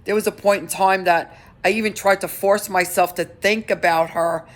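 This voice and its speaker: A middle-aged woman giving a personal update on her vlog, talking in an earnest, halting way with many restarts. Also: medium pitch, fairly even intonation. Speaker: vlogger.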